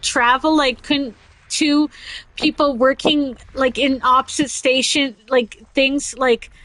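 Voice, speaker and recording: Speaking slowly with fairly even intonation, a woman with a high, a bit bright voice hosts a casual chat podcast on poor audio. She reads the news aloud and drifts into rambling tangents, giggly and prone to talking over herself.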